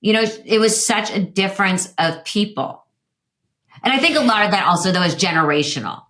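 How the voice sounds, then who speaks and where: A woman in her fifties, a guest telling candid stories with quick asides. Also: mid-range voice, animated, a bit bright. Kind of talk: interview conversation.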